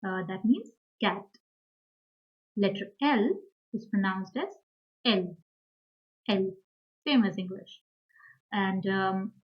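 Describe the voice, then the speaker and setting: Female teacher for a beginner lesson, very slow and deliberate, repeats every word, a bit lo-fi. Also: medium pitch. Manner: slow and careful, repeats each word, fillers and small self-corrections. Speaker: language teacher.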